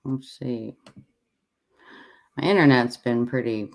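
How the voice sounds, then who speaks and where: A host chatting on a home livestream, easygoing and a little halting, thinking aloud as they talk. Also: mid-range voice, vocal fry. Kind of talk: casual livestream chat. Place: home with many devices running.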